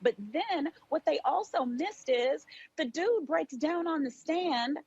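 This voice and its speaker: Woman panelist, high voice, dry lo-fi remote sound, emphatic and pointed. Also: animated, darkish tone, dry recording. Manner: emphatic, rapid rhetorical questions. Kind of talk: animated panel discussion. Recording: dull lo-fi remote audio.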